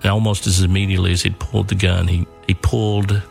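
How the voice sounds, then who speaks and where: An older man earnestly telling a family war story, pausing and repeating words as he goes. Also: low-pitched, level tone, vocal fry, faint music behind. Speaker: son telling his father's war story.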